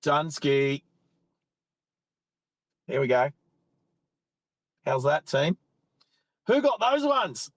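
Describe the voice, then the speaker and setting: This middle-aged Aussie streamer talks from a parked car on the outback roadside in a fairly high, very animated voice, stretching out words and pausing often. His casual chat rambles and he breaks off mid-thought, with no room sound.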